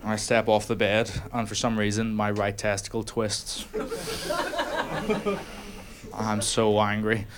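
A man's voice: lowish voice, completely flat delivery, slow, pauses often, very noisy. A man from Ireland, telling a stand-up story on stage in a conversational way, building to punchlines. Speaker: stand-up comedian. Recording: live venue with crowd. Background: audience laughter.

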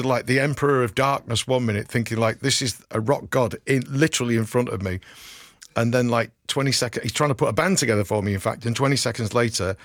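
A man's voice: fairly low pitch, creaky, no room sound, studio quality. Middle-aged male radio presenter, rambling. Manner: rambling, many fillers and restarts. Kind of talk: casual radio chat and anecdote. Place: radio studio. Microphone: studio microphone.

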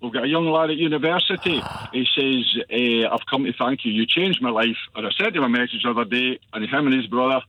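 An older Scottish man calling in to a radio show, telling a long rambling story with lots of fillers and warm enthusiasm. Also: medium pitch, fairly quick, hardly any pauses, a little hiss or hum. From Scotland. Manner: rambling, enthusiastic anecdote-teller with many fillers. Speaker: caller. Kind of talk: phone-in storytelling. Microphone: telephone. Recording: tinny phone line.

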